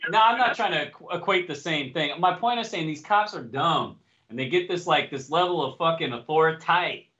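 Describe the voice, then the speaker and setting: Man, high voice, crisp bright tone, profane heated storytelling, dull lo-fi recording. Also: a little fast. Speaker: podcast co-host. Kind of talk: casual chat. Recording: dull lo-fi podcast audio.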